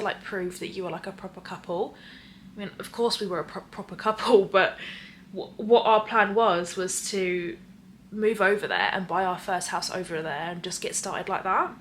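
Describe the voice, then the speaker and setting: A woman's voice: mid-range voice, a bit bright, a little hiss or hum. A young woman vlogger chatting casually in a Q&A, telling a story with lots of fillers and restarts. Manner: rambling, filler-heavy storytelling. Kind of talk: casual Q&A chat.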